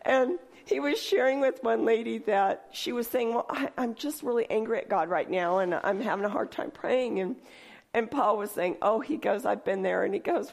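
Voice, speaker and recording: A woman leading a church service who reads scripture slowly, then preaches in a lively, chatty way and often laughs while speaking. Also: fairly high pitch, vocal fry. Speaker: church worship leader. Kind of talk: sermon.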